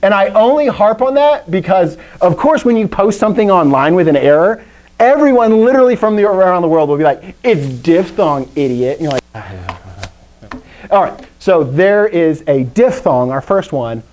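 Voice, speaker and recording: A young man with a high-pitched, slightly mellow voice teaches a Greek class for adults at a moderate pace, animated and upbeat. Self-deprecating, he drills words aloud in call-and-response for students to repeat, on a low-quality recording.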